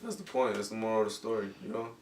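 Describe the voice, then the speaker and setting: A man's voice: fairly low pitch, fairly even intonation, very fast, reverberant, recorded from a distance, a little hiss or hum. A man hosting a casual podcast talk, loose and repetitive, full of slang. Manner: laid-back, repeats himself, heavy slang. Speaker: podcast host. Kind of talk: casual chat.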